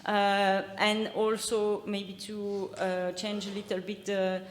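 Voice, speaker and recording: Woman, conference speaker; halting delivery with many restarts, long hall reverb on the mic. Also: medium pitch, level tone, slight background noise. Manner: hesitant, many fillers and restarts. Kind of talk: academic presentation and Q&A answers.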